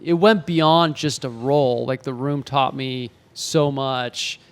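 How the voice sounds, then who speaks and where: A man in his forties, an actor and author, telling animated anecdotes in a casual interview and acting out the quotes. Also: medium pitch, slow, clear, resonant tone. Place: home in Los Angeles.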